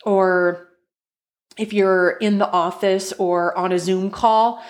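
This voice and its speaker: On her solo podcast, a life coach talks slowly and without hurry, sounding chatty and encouraging. Her medium-pitched voice stays steady, and she often acts out little versions of listeners' everyday complaints and thoughts.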